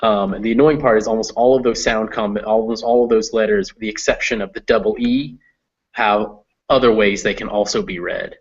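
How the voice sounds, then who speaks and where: Patient, low-voiced male English tutor. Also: fairly even intonation, a little fast, highs cut off. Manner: patient, explanatory, many fillers. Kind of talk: one-on-one reading lesson.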